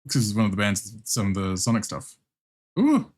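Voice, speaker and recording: A man's voice: on the low side, little pitch movement, fast. Brief: man, art streamer, loose rambling chatter with fillers and little laughs, drawing while he talks. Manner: rambling, reacts to chat and background music.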